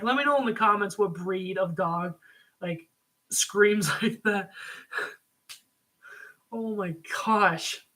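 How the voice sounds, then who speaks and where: A man talking casually at home, reviewing a TV series in a rambling, excitable way with lots of fillers. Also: high voice. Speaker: video reviewer. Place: home room.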